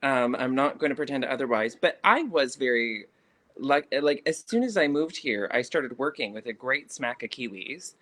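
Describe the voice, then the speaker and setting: A man's voice: mid-range voice, lively intonation, normal speed, a bit bright. A man with a Canadian accent co-hosting a casual livestream, wry and joking. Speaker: co-host.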